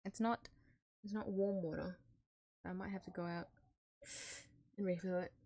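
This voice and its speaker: A woman's voice: on the low side, fairly even intonation, normal speed, dark tone. A young woman streamer chatting casually to viewers while playing a game, giggly and self-deprecating.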